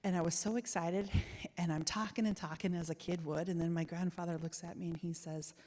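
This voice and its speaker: A woman with a lowish voice tells a personal story from the pulpit. Her words ring through a church sanctuary with a long, lingering reverb. She reminisces freely and breaks into small laughs along the way. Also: fairly even intonation, a little fast. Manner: warm reminiscing storyteller, frequent soft laughs. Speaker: guest speaker. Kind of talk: storytelling sermon.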